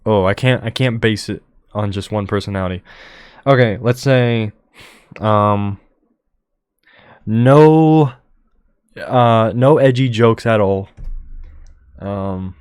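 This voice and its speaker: A young man hosting a solo podcast, talking in a monotone and rambling with many fillers into a close microphone. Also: fairly low pitch, slow pace, pauses often, clear, resonant tone, no echo. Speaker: podcast host.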